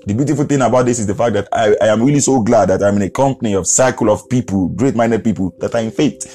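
A man's voice: fairly low pitch, fast, dark tone. A man from Nigeria preaching a podcast sermon in an earnest, repetitive way, chuckling now and then.

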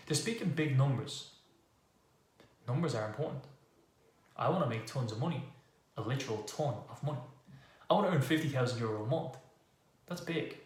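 A man hosting a podcast, talking through a casual motivational monologue with emphatic rhetorical questions. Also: fairly high pitch. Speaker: podcast host. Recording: echoey room with faint ambient noise.

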